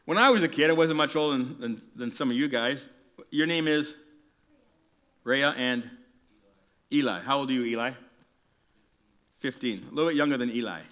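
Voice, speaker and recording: A man's voice: mid-range voice, moderate pace, pauses often. A man from Canada preaching a sermon, telling a childhood story with acted-out voices and whispered asides. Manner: animated storyteller, acts out voices and whispers for emphasis.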